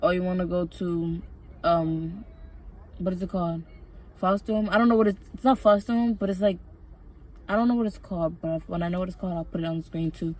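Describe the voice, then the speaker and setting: Woman vlogger with a lowish voice, loose and profane, telling her story. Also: steady tone, fairly quick, darkish tone. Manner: rambling, profane, emotional storytelling. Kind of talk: casual storytime vlog.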